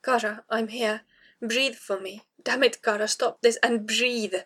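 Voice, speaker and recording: A woman's voice: fairly high pitch, fairly even intonation, measured pace. A woman voicing a frantic young warrior woman. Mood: urgent. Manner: clipped, frantic, sharp.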